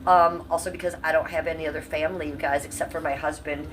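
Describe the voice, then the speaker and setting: A woman's voice: sits low, steady tone, quick pace, distant mic, low-quality recording. Chatty fifty-something woman livestreaming. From Cleveland, US. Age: 50s. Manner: chatty, salty, talks to chat. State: coughing. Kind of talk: casual livestream chat. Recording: voice a bit off-mic, faint room hum.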